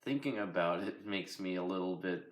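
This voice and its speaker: Young guy, real deep voice, flat monotone, lots of pauses, echoey room. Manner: quiet, flat, monotone delivery with halting pauses. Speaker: vlogger. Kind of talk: personal confessional vlog.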